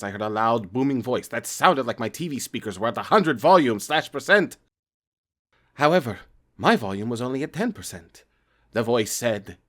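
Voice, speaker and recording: A man with a medium-pitched, slightly bright voice narrates a creepypasta, reading a horror story aloud in plain first person and stumbling occasionally.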